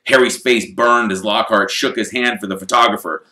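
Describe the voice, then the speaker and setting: A man narrating a storybook in an animated, expressive way. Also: fairly low pitch, moderate pace, roomy sound, rough recording. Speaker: audiobook reader. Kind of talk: storybook reading.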